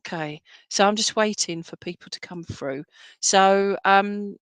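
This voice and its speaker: In a clean, mid-range voice, a woman talks unhurriedly while delivering spirit readings as a medium at a church service streamed live. She is tender and reassuring toward her listeners, checking in with "all right?" again and again, and the recording is dry.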